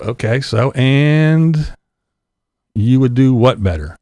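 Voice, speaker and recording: A man's voice: medium pitch, lively intonation, slow pace, long pauses, a little mellow. A man delivering an angry, profane political rant with blunt sarcasm. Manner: angry, blunt, heavy swearing, sarcastic laughs. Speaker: political commentator vlogger.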